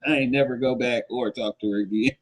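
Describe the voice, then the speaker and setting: Man co-host, mid-pitched, blunt profane storyteller on a casual live stream. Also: fairly even intonation, quick pace, low-quality recording.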